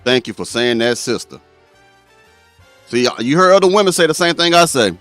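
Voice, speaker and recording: A man's voice: mid-range voice, lively intonation, moderate pace, fairly bright tone, soft background music. A man hosting a live-stream talk show, speaking bluntly and straight to his viewers. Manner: blunt, addresses viewers directly.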